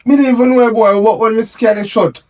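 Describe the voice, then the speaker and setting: Man acting as a young guy, aggrieved, insistent, slightly high voice. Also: fairly even intonation, fast talker, a little mellow, lightly acted. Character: aggrieved young Jamaican man confronting a friend. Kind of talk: web series acting.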